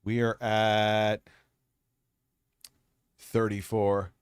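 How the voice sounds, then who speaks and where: A man's voice: on the low side, monotone, extremely slow, noisy background. A man hosting a casual livestream, talking in a rambling, jokey, off-the-cuff way. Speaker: livestream host.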